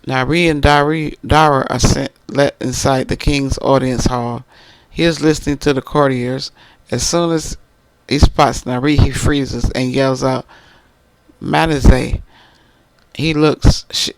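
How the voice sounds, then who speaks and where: A man walks through a book's plot in a relaxed, rambling way, catching himself mid-name and starting over. His voice has a gravelly edge. The sound is dry and close, with no room around it. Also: medium pitch, no echo, low-quality recording. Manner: rambling, restarts and corrects names. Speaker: book reviewer. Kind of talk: casual plot recap.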